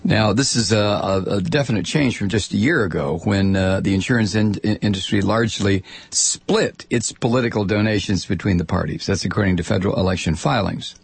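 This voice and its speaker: A man's voice: fairly low pitch, fairly quick, creaky, few pauses, breathy edge, dry recording. A man hosting a political talk show, reading news and ranting sarcastically. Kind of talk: political talk radio commentary.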